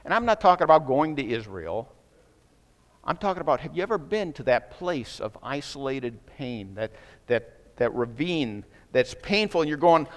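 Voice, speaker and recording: A male pastor preaching a sermon, telling a story and acting out the voices of people in it with rising excitement. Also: medium pitch, normal speed, long reverb tail.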